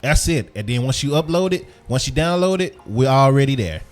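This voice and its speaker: A man's voice: medium pitch, expressive, brisk, crowd noise, background noise. Chatty man hosting a sports podcast. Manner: loose, chatty, repeats himself. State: chewing gum while talking. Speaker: podcast host. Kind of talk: casual sports commentary.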